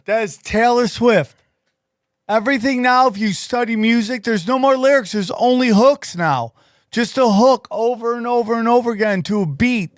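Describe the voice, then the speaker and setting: Man, podcast host, high voice, joking, crude, dry studio sound. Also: normal speed, dry recording. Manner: animated, joking, swearing. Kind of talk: casual podcast chat.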